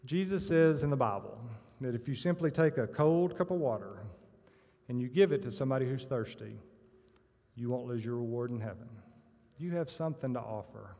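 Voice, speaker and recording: A man's voice: mid-range voice, animated, fairly quick, vocal fry, warm tone. A man giving a sermon-style church talk, telling stories with acted punchlines. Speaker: church member giving testimony. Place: church sanctuary. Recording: long reverb of a church hall.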